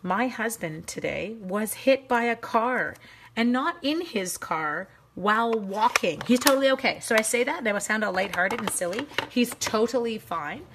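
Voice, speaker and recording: A woman's voice: mid-range voice, lively intonation, normal speed, a bit bright, slight background noise. A middle-aged woman hosting a home card-making livestream, chatting casually and greeting viewers by name as she works. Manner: chatty, talks to viewers by name while crafting. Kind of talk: casual craft livestream chat.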